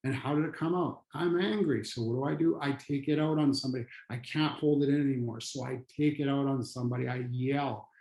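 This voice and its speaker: A mid-pitched man with a Canadian accent teaches a training session in a loose, conversational way, with plenty of restarts. He jumps up in pitch whenever he acts out what people say. The room around him rings with echo. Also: fairly even intonation, quick pace, gravelly, hardly any pauses, a little mellow. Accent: Canadian English. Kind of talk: online training lecture.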